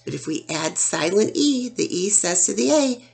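A woman teaching a children's phonics lesson, talking slowly and deliberately and sounding out letters one by one. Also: mid-range voice, sing-song, creaky, a little mellow, slightly rough.

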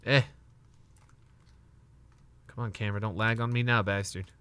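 A young man live streaming as he opens trading card packs, excitable and nervous, talking to his chat and swearing now and then. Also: lowish voice, normal speed, clean tone.

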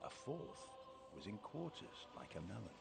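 A man's voice: lowish voice, very animated, moderate pace, creaky, husky, faint music behind, exaggerated voice. A man reading scripted narration as a solemn game narrator. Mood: measured. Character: solemn male game narrator telling of history.

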